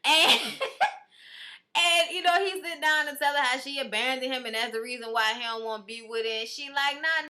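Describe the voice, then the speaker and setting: High bright-voiced woman, blunt and profane. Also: normal speed. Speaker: reality TV recap host. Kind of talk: casual reality show recap.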